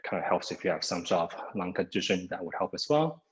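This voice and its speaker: A man with a fairly low voice leads an online aerobics class over a video call. He is a little out of breath and opens nearly every instruction with "okay", counting down the last seconds of each set. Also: animated, fast, poor audio. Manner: begins most cues with "okay", counts down seconds. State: somewhat out of breath. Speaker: exercise instructor. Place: home via video call. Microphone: video call microphone.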